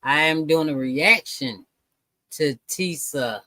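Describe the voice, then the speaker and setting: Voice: medium pitch, takes it slowly, sharp tone, dry recording, low-quality recording. A reaction channel host giving casual commentary in a musing way, often trailing off.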